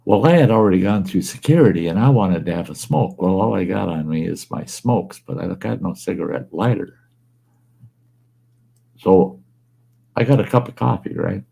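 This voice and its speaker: A man with a deep, gravelly voice spins a casual, rambling yarn from his home. His tone is dark and mellow, and he talks in a plain, folksy way as the host of his own storytelling show. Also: animated, moderate pace. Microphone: wearing earbuds.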